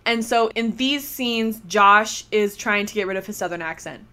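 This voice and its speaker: A woman's voice: medium pitch, moderate pace, bright, forceful tone, smooth. A young woman co-hosting a casual podcast, chatty, laughing often and acting out quotes from the show. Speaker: podcast co-host.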